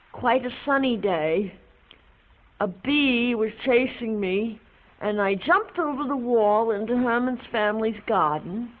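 An actress playing an older woman reminiscing to her dog, musing and unhurried, with hesitant pauses. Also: fairly high pitch. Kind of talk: film monologue. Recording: tinny, phone-like film audio.

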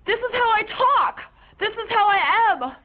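Woman playing a super high-pitched dramatic teen girl, crying and whining at her parents, mixing up big words, tinny phone-y sound. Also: sing-song, normal speed. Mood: tearful ranting. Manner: whiny, tearful, overwrought with mangled big words. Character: melodramatic teenage girl ranting at her parents. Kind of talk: comic character monologue.

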